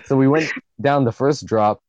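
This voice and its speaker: A man's voice: mid-range voice, normal speed, no echo, dull audio. Swearing young guy telling a story. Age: young adult. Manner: animated, swears a lot, acts out friends' lines. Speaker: podcast co-host. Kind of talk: casual storytelling chat.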